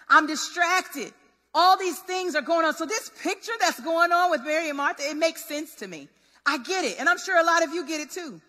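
A woman preaching a sermon in a lively, conversational, relatable way. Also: very high-pitched, a little fast. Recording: long hall reverb.

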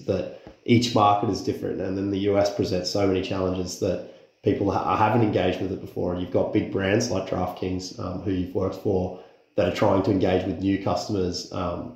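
A man's voice: low-pitched, darkish tone. A man hosting a podcast interview, talking conversationally and often affirming with short yeahs. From Australia. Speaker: podcast host. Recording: very echoey room.

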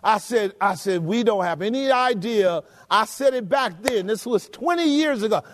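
A man's voice: sits high, lively intonation, moderate pace. A man preaching a sermon, emphatic, often asking the congregation rhetorical questions. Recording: long hall reverb.

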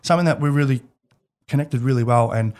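A man with an Australian accent, a guest in an interview, telling personal stories in a candid, animated way and laughing as he goes. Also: mid-range voice, fast talker. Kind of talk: casual storytelling.

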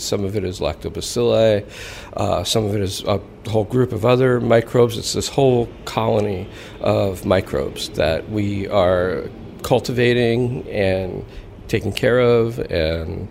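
A man's voice: on the low side, gravelly, a little mellow, slight background noise. A man being interviewed about his bakery, speaking conversationally and explaining things with filler phrases. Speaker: bakery founder interviewed in an archived report.

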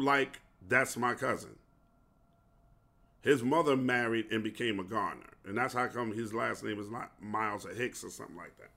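Gravelly preachy New man. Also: medium pitch, a bit bright. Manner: impassioned, preachy rant with street slang. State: feeling unwell. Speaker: podcast host. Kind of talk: solo podcast monologue.

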